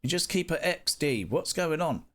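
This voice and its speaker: Male streamer, casual, playful, animated, very lively intonation. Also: fairly high pitch, moderate pace. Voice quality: animated, playful, sing-song greetings to chat. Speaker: live streamer chatting with viewers. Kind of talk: casual live-stream chat.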